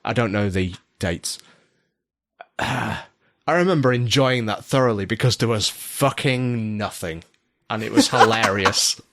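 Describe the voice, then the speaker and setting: A man's voice: on the low side, unhurried, a bit bright. A man who is a podcast guest, chatting with jokey, dry asides and trailing restarts. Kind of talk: casual chat.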